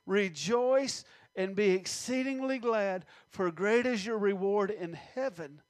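A man preaching a sermon, reading scripture slowly and stressing words, with many questions to the congregation. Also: sits high, no echo.

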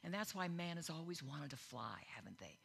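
A woman's voice: sits low, big pitch swings, brisk, creaky, a bit bright, slightly rough. A middle-aged woman giving a sermon built on her own story, telling it conversationally and acting out the voices she quotes. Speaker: speaker at a church gathering. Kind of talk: personal testimony sermon.

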